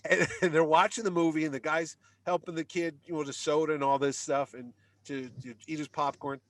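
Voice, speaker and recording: A man's voice: fairly high pitch, fairly quick. A middle-aged man telling a long story in casual podcast chat, humming music cues and acting out the crowd. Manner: animated storyteller, hums movie music, acts out crowd shouts.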